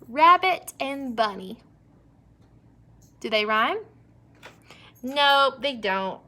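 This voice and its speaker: Slow, bright-voiced woman teaching little kids. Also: fairly high pitch, animated. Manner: slow, drawn-out word modeling, encouraging. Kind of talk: early-grade phonics lesson to camera.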